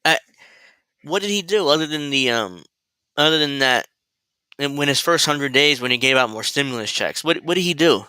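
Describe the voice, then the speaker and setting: A male host riffs through a political commentary livestream, sarcastic and rambling, with plenty of fillers and restarts. His voice is bright and crisp. The sound is dry and close. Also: medium pitch, normal speed, no echo, low-quality recording.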